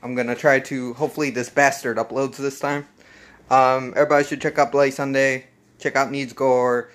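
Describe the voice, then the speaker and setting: A man's voice: mid-range voice, little pitch movement, a little fast, a bit bright. A man hosting a casual, profane movie recap, laid-back and laughing often. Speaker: host.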